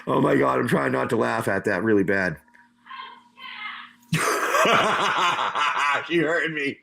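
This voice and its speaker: A man hosting a live stream and narrating a tabletop game with animated, excitable storytelling. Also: mid-range voice, extremely slow, creaky.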